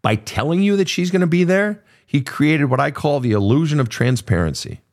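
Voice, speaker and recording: A man's voice: a little high, lively intonation, fairly quick, darkish tone. A man from Minnesota hosting an advice podcast, answering listener questions in a blunt, profane, casual way.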